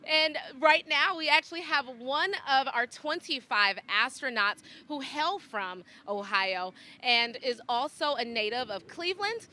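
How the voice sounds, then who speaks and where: A woman's voice: sits high, animated, measured pace, few pauses, pushed and bright. A woman hosting a live broadcast, upbeat and polished as she introduces a guest. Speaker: host.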